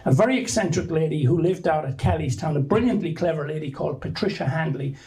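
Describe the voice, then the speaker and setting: A man's voice: a little high, quick pace, dark tone, rough recording. An Irish man telling a rambling story to a live audience, with frequent restarts and fillers. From Ireland. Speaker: speaker giving a talk to an audience.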